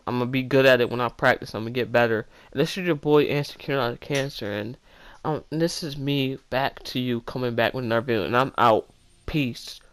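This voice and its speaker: Young male vlogger, animated, rambling storyteller, mid-pitched voice. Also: no room sound. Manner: animated, rambling, laughs while telling. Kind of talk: story time vlog.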